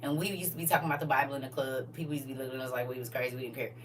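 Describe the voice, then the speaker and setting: A woman's voice: rumbling low, rapid-fire, recorded from a distance, a little hiss or hum. A woman host telling stories to a live audience in a casual, emphatic, slangy way. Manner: animated, emphatic, slangy storytelling. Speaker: livestream host.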